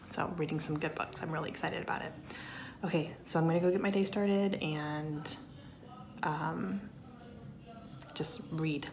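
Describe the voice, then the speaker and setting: Gravelly-voiced chatty woman vlogging. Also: low-pitched, fairly even intonation, measured pace, long pauses, crowd noise. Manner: chatty and upbeat, laughs often. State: talking around a mint in her mouth. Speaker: book vlogger. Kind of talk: casual vlog chat. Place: at home.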